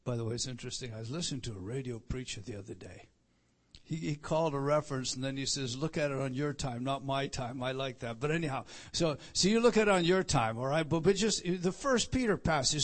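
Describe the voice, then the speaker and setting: A middle-aged man preaching a sermon, repeating phrases for emphasis and swinging from loud declarations to soft asides. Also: on the high side, lively intonation, a little fast. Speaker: pastor.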